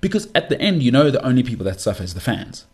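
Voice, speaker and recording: A man hosting a sports podcast, ranting his opinions with rhetorical questions and quick asides. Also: mid-range voice, very animated, darkish tone, breathy edge. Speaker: podcast host.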